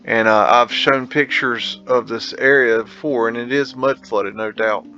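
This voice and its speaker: Male host, slow rambling commentary with slangy asides, bright edge, dull lo-fi sound with faint guitar music under it. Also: medium pitch, steady tone. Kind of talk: casual photo-tour commentary.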